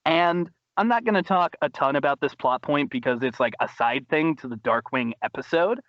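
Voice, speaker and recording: A man's voice: fairly high pitch, normal speed, dry recording, lo-fi sound. A man hosting a casual podcast, recapping episodes with enthusiastic, rambling talk. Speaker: podcast host. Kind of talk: casual chat.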